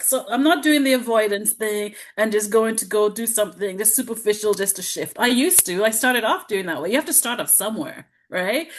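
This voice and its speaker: A middle-aged woman, a healing practitioner, chatting as a podcast guest and acting out her own self-talk with lots of laughter. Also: on the high side. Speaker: guest, traditional Chinese medicine practitioner. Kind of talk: casual podcast conversation.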